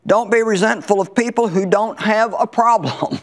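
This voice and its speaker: A woman's voice: mid-range voice, expressive, slow, pauses often. Emphatic woman preaching a sermon. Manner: emphatic, conversational, repeats key lines. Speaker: Bible teacher.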